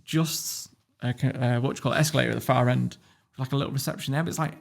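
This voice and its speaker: A British man in his thirties tells a story as a podcast guest. He is blunt, sweary and animated. His middle-pitched voice has a gravelly rasp. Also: quick pace. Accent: British English. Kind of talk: casual storytelling.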